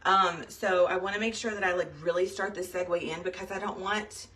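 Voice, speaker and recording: A young woman chats loosely to her team over a live video, drifting between thoughts and filling gaps with "um" and "y'all." She is pregnant and talks in a bright, forward voice. The mic sits a little away from her, so the sound is somewhat distant. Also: lowish voice, fairly even intonation, brisk. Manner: chatty and rambling, says y'all, frequent fillers. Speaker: direct sales team leader.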